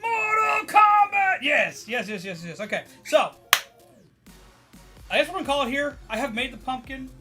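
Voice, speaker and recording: A man streaming to his viewers in casual chat, excitable and tired, swearing and laughing often as he rambles. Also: very high-pitched, normal speed, long pauses, music in the background.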